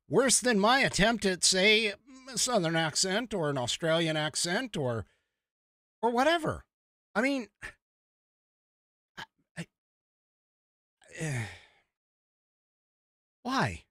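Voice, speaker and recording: Animated man hosting a podcast. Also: high-pitched, dry recording, clean studio sound. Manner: animated, rambling, with chuckles. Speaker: podcast host. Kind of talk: casual political commentary.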